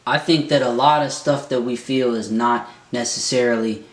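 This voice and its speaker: A man's voice: mid-range voice, fairly even intonation, normal speed. A man co-hosting a casual chat, talking in a laid-back way with slang. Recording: echoey room.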